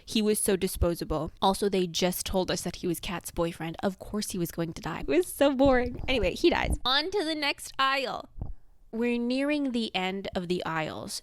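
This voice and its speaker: Brief: snarky woman recapping a book, mid-pitched, recorded close and dry. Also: no echo. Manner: sarcastic, profane. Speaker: book vlogger. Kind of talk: casual snarky book summary.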